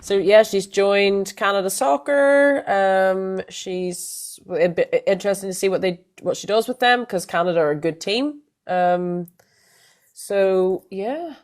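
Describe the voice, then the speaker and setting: A woman's voice: medium pitch, a little slow. A woman co-hosting a casual women's football podcast, chatting with plenty of fillers and restarts. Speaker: podcast co-host.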